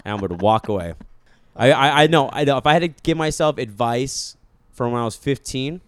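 A man's voice: medium pitch, fairly quick, clear, resonant tone, no echo. A man in his twenties, co-hosting a podcast, telling loose, profane stories in casual chat. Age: 20s. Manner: loose, profane, animated storytelling. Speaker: podcast co-host.

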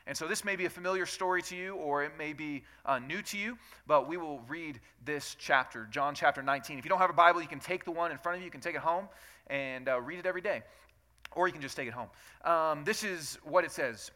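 A man's voice: fairly high pitch, quick pace, pushed and bright. A man leading a church Bible reading, reading scripture aloud and then explaining it in plain, chatty asides. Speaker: pastor. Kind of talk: Bible reading with casual commentary.

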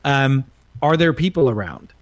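A man's voice: medium pitch, lively intonation, a little slow. A man playing a party game with friends, hesitant and rambling, often laughing. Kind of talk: casual chat, party game.

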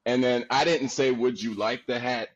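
Deep-voiced animated man from Queens. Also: moderate pace, highs cut off. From Queens, New York. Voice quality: deep resonant voice. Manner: animated, laughs often, casual slang. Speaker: podcast guest, actor. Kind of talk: casual storytelling chat.

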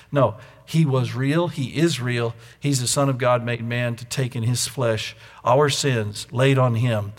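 A man preaching a Sunday evening sermon, moving between loud emphatic lines and hushed, near-whispered ones. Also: mid-range voice, long reverb tail. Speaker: pastor. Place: church sanctuary.

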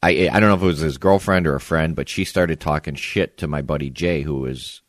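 Very deep-voiced man, laid-back. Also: fairly quick, no echo, clean studio sound. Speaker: podcast co-host. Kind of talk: casual storytelling chat.

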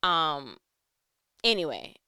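A middle-aged woman tells a personal story in a casual, conversational way, her voice smooth and clear. She swings from hushed, near-whispered passages to loud, emphatic bursts, and the sound is dry and close. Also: low-pitched, big pitch swings, takes it slowly, no room sound. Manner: faith-filled, conversational. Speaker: vlogger telling a personal story.

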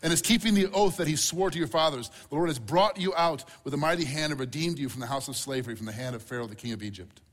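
A man's voice: a little high, quick pace, hardly any pauses. A middle-aged man preaching a sermon as pastor, earnest and repeating key words for emphasis.

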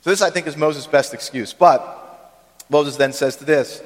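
A man's voice: fairly high pitch, normal speed. Conversational male preacher in a reverberant hall. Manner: conversational preaching with frequent "right?" asides. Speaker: pastor. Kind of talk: sermon.

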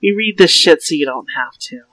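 A man's voice: a little high, lively intonation, fairly quick, sharp tone, no echo, rough recording. A man from Florida co-hosting a podcast, sardonic and swearing freely in casual comedic chat. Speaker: podcast co-host.

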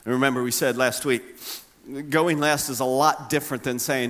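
Bright-voiced middle-aged male pastor preaching. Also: normal speed. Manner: conversational, humorous, acts out quotes with lively pitch swings. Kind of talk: sermon.

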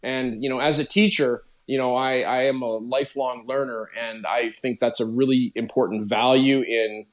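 A man's voice: mid-range voice, fairly even intonation, moderate pace, hardly any pauses. A middle-aged man, a podcast guest talking casually and rambling with many fillers. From Canada. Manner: rambling, lots of "you know" and "like" fillers. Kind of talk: casual conversational interview.

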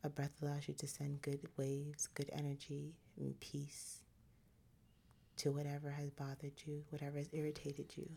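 A woman leading a slow guided breathing meditation in a calm, soothing voice. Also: low voice, vocal fry, a little hiss or hum.

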